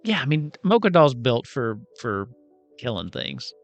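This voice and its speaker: A man playing and hosting a tabletop game, chatty and quick to laugh. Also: medium pitch, sing-song, dull audio, soft background music. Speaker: player and show host. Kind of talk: casual tabletop game chat.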